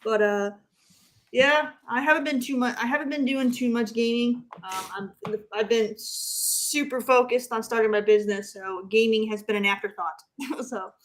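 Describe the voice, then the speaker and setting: A woman co-hosting a casual podcast, relaxed and laughing between her sentences as she trails off with fillers. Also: fairly high pitch, moderate pace. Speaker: podcast co-host.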